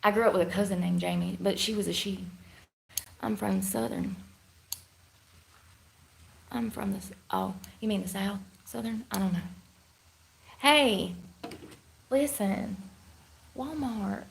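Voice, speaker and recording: A woman's voice: mid-range voice, measured pace, creaky, long pauses, slight background noise. A woman chatting casually with her livestream viewers in a blunt, rambling, slangy way.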